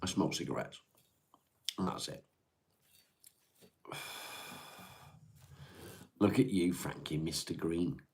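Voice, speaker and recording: Low-voiced man chatting. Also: slow, creaky, pauses often, a little mellow. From North West England. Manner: laid-back, sighing, hums to himself between comments. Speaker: livestream host. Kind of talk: casual livestream chat, reading and answering viewer comments. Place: at home.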